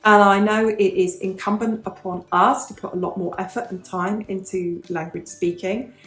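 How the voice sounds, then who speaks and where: Soft background music plays in an echoey room as a British woman in her fifties speaks at normal speed in a steady, fairly bright, mid-range voice. Once an English teacher, she now vlogs, answering questions casually and patiently reinforcing key points.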